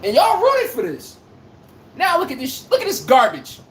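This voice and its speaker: A woman's voice: sits high, huge pitch swings, moderate pace, echoey room. A woman hosting a casual sports livestream, ranting, trash-talking and reading out chat comments. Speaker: livestream host.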